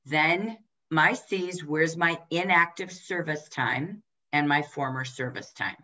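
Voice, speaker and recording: A woman trainer giving a direct, emphatic coaching talk to team leaders, firing off quick rhetorical questions. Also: low voice, pushed and bright, low-quality recording.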